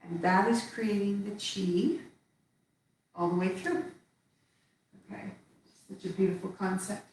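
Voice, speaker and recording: Slow-paced woman cueing a movement class. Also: medium pitch, slight background noise. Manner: calm step-by-step cueing while moving. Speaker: qigong instructor. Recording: echoey room from far off.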